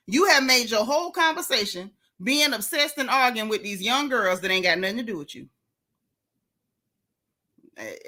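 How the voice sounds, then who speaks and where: A woman's voice: on the high side, bright, forceful tone. A woman hosting a gossip vlog in casual commentary, sassy and scolding, firing off rhetorical questions.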